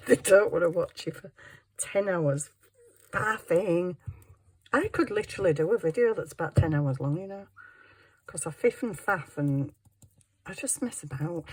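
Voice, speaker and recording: A woman's voice: fairly low pitch, darkish tone, slightly rough. A woman talking through her papercraft in a rambling, self-mocking way as she works at her desk at home. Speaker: papercraft vlogger. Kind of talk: chatty crafting commentary.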